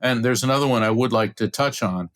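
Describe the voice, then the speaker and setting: A middle-aged man, a guest on an interview podcast, telling a story with excitement and acting out the voices of the people in it. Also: mid-range voice, a little fast. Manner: acts out quoted voices, excited retelling. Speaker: podcast guest, psychic medium.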